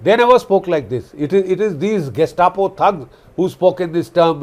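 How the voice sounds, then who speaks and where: A man with a somewhat high-pitched voice delivers heated political commentary. He talks emphatically, with frequent fillers, and doubles back to repeat his key phrases. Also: normal speed, few pauses, a little mellow. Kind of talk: impassioned commentary.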